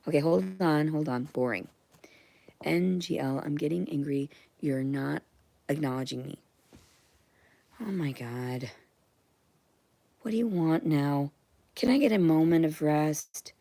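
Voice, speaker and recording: A young woman in a rambling, emotional monologue, blunt and profane, jumping between loud outbursts and hushed whispers. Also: deep voice, lively intonation, unhurried, long pauses, no echo. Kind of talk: rambling monologue to unseen listeners.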